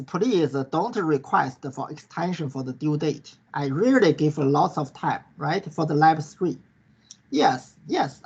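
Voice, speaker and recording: A man's voice: a little high, gravelly, slightly rough. A male course instructor answering questions in an online class, in non-native English that tags most sentences with "right?" and "okay?". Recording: dull lo-fi online class recording.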